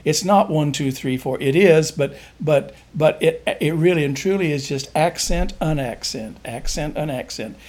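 Halting man explaining music, fairly high voice. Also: darkish tone. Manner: halting, rambling, searches for words with many restarts. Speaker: interviewee. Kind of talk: explaining folk music in an interview.

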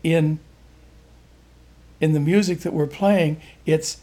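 Man, somewhat high-pitched, halting, rambling, full of restarts, explaining music in an interview. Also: steady tone, warm tone. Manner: halting, rambling, searches for words with many restarts.

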